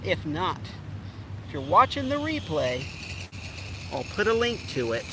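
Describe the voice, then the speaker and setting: A man casually chatting to his livestream viewers while cooking outdoors on a riverbank, upbeat and talking straight to the camera on a tripod. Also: sits high. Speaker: fishing vlogger. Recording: outdoor camera audio with loud ambient noise.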